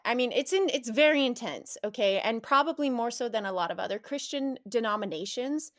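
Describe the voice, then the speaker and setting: A woman speaking as an interview guest, animated and candid, often restarting sentences and laughing as she talks. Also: on the high side, fairly quick, few pauses, no echo, clean studio sound.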